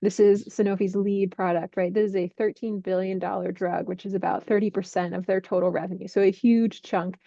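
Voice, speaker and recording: A woman working as a healthcare investment analyst, clearly and methodically explaining drug industry developments. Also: medium pitch, little pitch movement, a little fast, few pauses, mellow, no room sound, muffled recording.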